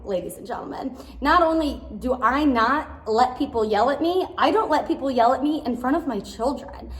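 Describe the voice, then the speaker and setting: Woman in her thirties, high lively voice, chatty storyteller, roomy echo. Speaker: playroom business owner. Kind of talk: storytime vlog. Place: indoor playroom, at her desk. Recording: echoey indoor room.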